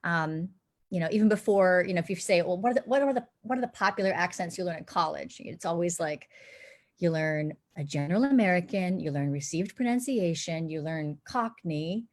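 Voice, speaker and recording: A woman's voice: on the low side, brisk. Woman dialect coach giving advice. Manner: earnest, explanatory, advising actors. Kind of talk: live online Q&A chat. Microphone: video call.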